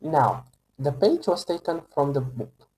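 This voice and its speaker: A man gives an online French lesson at a slow, hesitant pace, with fillers and restarts all through. His voice has a mellow, darker tone. Faint noise and typing sit behind him. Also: on the high side, expressive, poor audio. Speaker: French tutor.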